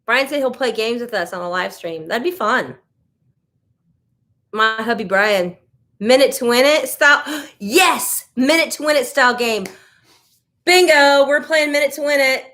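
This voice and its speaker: A woman's voice: fairly high pitch, normal speed, pushed and bright. An American woman hosting a casual live stream, chatting loosely and reacting to viewer comments as she goes. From United States. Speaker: livestream host.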